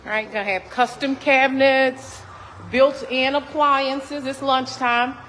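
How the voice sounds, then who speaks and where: A chatty woman realtor leads a slow, unhurried walkthrough of a home still under construction, exclaiming over features and calling viewers y'all. Her voice sits a little high for a woman. It rings with the long echo of bare, empty rooms, and faint construction noise runs behind it on a phone recording. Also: fairly even intonation, fairly bright tone. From Texas. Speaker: realtor touring a model home. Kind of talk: walkthrough home tour vlog.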